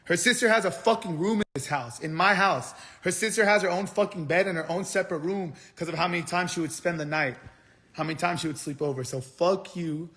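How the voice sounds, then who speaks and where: A young man rants to his viewers on a live stream, his voice sitting a little high for a man. He rambles through the story in heated bursts, swearing and restarting his sentences as he goes. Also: fairly bright tone. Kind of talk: angry livestream rant. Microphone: phone.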